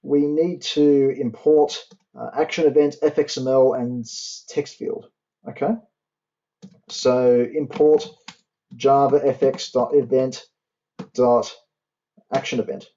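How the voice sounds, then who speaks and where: A young man tutors a programming class, talking through each line of code as he types it and slowing down to spell out syntax. His voice is mellow and dark. The recording sounds dull and lo-fi, with keyboard typing and clicking behind him. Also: mid-range voice, fairly even intonation. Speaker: university tutor. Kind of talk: coding tutorial.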